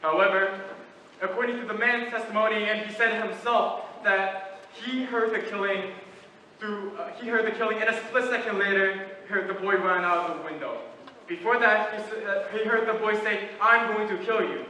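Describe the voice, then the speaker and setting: A man's voice: sits high, fairly even intonation, normal speed, bright, forceful tone. Boy playing a methodical, persistent juror. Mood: reasoning. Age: late teens. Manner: methodical, reasoning aloud, some restarts. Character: calm, persistent male juror reasoning. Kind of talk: stage play performance. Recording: echoey hall from far off, light noise.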